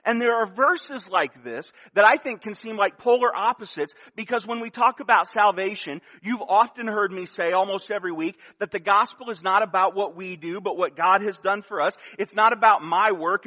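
A high, bright-toned man delivers a sermon from the pulpit. He preaches earnestly, pressing each point and circling back to repeat it. His voice rings out with a long reverb tail in a church hall. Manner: earnest, emphatic preaching with repeated key phrases. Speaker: pastor.

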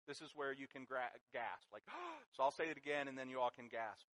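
A man pastor preaching a sermon to his congregation, animated and joking with them along the way. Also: mid-range voice, brisk, hardly any pauses, low-quality recording. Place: church sanctuary.

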